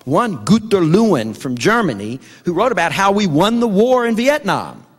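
A man's voice: high voice, very animated, normal speed. Folksy older man with a Southern accent. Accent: Southern American. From American South. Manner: folksy, stammering, addresses the audience as folks. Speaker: Vietnam veteran speaker. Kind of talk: storytelling speech at an event. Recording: long hall reverb.

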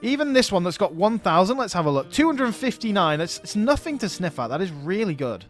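A man's voice: high voice, very animated, brisk, faint music behind. A man hosting a strategy game let's play, casually thinking aloud and chatting as he plays.

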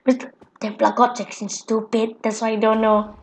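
A woman's voice: on the high side, little pitch movement, moderate pace, a little hiss or hum, low-quality recording. A woman hosting a casual gameplay video, chatting playfully with a friend and chanting silly sounds as she plays. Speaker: gaming channel host.

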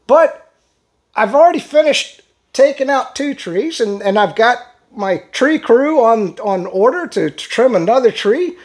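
A man's voice: very high-pitched, expressive, unhurried. A man ranting fired-up in political commentary, hosting his own channel. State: in pain from a neck injury.

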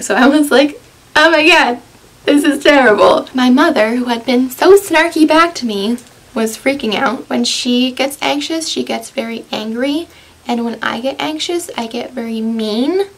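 A woman's voice: a little high, moderate pace, vocal fry, breathy edge. A young woman vlogging, telling a story to camera in a sarcastic, self-deprecating and chatty way, full of "like". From United States.

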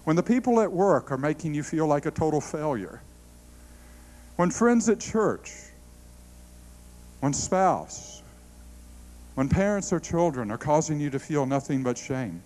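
A middle-aged man preaching a sermon, telling stories with animated delivery, laughing and stammering through restarts. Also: on the high side, unhurried, long pauses, rough recording.

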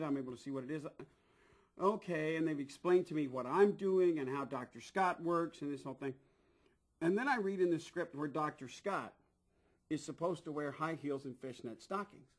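A middle-aged man telling a long anecdote in an interview, animated, acting out what people said, with frequent restarts. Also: on the high side. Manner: animated, acts out quoted voices, frequent restarts. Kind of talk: anecdotal storytelling.

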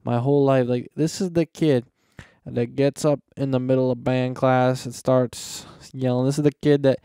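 A man's voice: mid-range voice, fairly even intonation, moderate pace, dark tone, clear, resonant tone, no echo, studio quality. A teenage man hosting a casual solo podcast, rambling and mocking in slangy talk with frequent cursing. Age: teens. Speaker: podcast host. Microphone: close podcast microphone.

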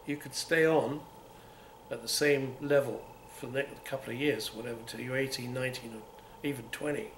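This is unscripted reminiscing from an oral history interview: a man in his seventies from England, with a London accent between upper-class and Cockney, rambles with lots of restarts and repeats. His mid-range voice is steady and fairly quick. The museum room gives a roomy sound with faint hiss.

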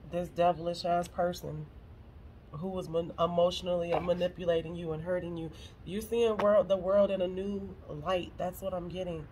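With a noisy background behind her, a woman with a lowish voice does a casual tarot reading to camera. She swears freely and is blunt and emotional, on the verge of crying.

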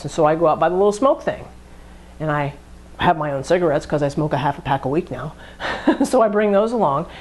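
A woman giving a conversational lecture on addiction, walking through everyday examples and acting out the thoughts behind them. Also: lowish voice. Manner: conversational, acts out hypothetical inner thoughts. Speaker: addiction educator. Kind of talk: classroom lecture.

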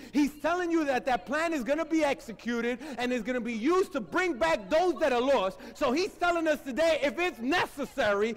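A man preaching a sermon to his congregation, emphatic, with call-and-response and acted-out quotes. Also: extremely high pitch. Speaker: pastor. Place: church sanctuary. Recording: long church hall reverb.

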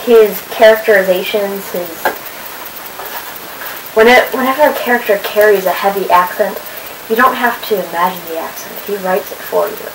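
A woman's voice: medium pitch, normal speed, rough recording. A woman talking casually to her camera, chatty and rambling as she looks through old papers. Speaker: vlogger. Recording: audible background noise.

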